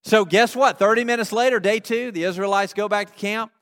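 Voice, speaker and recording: A male pastor giving a sermon, telling a story with animated energy and checking in with his congregation through questions. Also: sits high, a little fast. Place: church. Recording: long reverb of a large hall.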